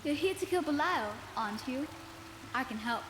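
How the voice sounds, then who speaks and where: A woman's voice: high-pitched, animated, moderate pace, background noise. A woman voicing a young boy emperor with a forced British accent. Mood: earnest. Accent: put-on British-sounding accent. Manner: formal, urgent, pleading. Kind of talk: video game voice acting. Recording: roomy game audio with loud music.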